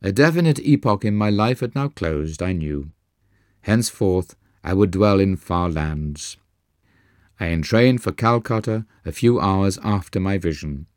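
Deep-voiced man reading a memoir. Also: animated, a little slow, a little mellow, no echo, clean studio sound. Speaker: narrator. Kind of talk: audiobook narration of a memoir.

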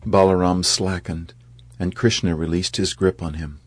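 A man reading an epic tale aloud in measured scripted narration, lifting his voice for the quoted speeches. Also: sits low, fairly even intonation, breathy edge, dry recording.

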